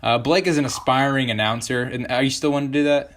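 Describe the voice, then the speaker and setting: A teenage boy hosting a podcast, chatting in a joking, excitable way with lots of fillers. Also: mid-range voice, quick pace. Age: teens. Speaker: podcast host. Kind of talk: casual podcast chat.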